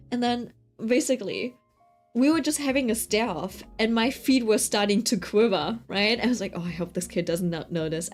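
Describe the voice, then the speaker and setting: Chatty woman telling a story. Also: on the high side. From Britain. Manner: chatty, animated, keeps checking in with listeners. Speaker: streamer. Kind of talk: casual storytelling chat.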